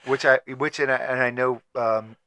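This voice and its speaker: A man's voice: mid-range voice, fairly even intonation, normal speed, a crowd in the background. A man co-hosting a podcast, talking casually and with amusement about a movie, with many filler words. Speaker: podcast co-host. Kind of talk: casual movie-discussion chat.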